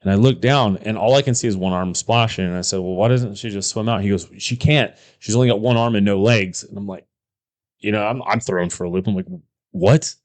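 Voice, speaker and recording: A man with a lowish voice tells old police stories in a loose podcast chat. He acts out what people said and swears freely. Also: a little fast. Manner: animated storyteller, acts out quotes, swears freely. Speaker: podcast co-host, former police officer. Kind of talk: casual storytelling chat.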